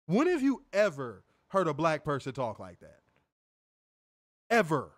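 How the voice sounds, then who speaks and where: A man co-hosting a casual wrestling review podcast, animated, swearing freely and laughing often. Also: sits high, moderate pace. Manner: animated, profane, laughs a lot. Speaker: podcast co-host.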